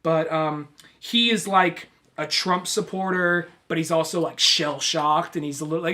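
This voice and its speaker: A man with a slightly raised pitch chats casually on a podcast, rambling through a movie recap. He swears freely and jumps into loud, acted-out quotes. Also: fairly even intonation, a little fast. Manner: rambling, profane, acts out quoted lines loudly. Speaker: podcast co-host. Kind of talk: casual chat.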